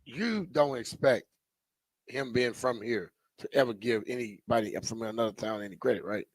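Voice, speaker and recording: A man's voice: medium pitch, normal speed, dry recording, poor audio. A man co-hosting a sports radio show, teasing and arguing his points. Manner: teasing, argumentative. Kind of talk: casual sports talk.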